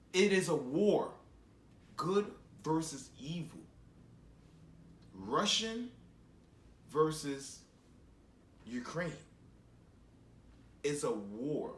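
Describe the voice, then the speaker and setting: A man's voice: mid-range voice, reverberant, slight background noise. A man giving a rambling, preachy commentary monologue while sitting in a chair at home. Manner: rambling and preachy, with repeated phrases. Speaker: vlogger.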